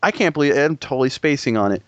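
A young man in casual, profane, rambling chat about video games, excitable and swearing often. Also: medium pitch, fast, no room sound, highs cut off. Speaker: gaming podcast co-host.

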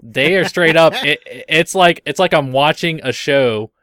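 A young man talks casually on a podcast, laughing and telling stories with animation. His voice is bright and sits close and dry on the mic. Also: fairly high pitch, measured pace, no echo. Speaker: podcast co-host. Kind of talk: casual chat.

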